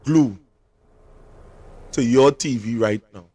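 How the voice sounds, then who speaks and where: A man's voice: medium pitch, takes it slowly, dark tone, husky. Emphatic Trinidadian man hosting a show. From Trinidad and Tobago. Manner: dramatic, insistent, addresses viewers directly. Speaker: show host. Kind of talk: emphatic commentary.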